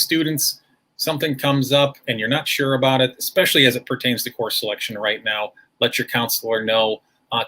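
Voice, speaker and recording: Bright, husky-voiced man hosting a school stream. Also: mid-range voice. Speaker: school administrator hosting a livestream. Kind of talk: presentation with audience questions.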